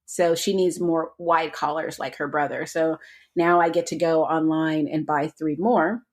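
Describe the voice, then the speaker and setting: Low-voiced woman podcast co-host. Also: steady tone, unhurried. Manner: chatty, laughs often, trailing restarts. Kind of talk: casual chat.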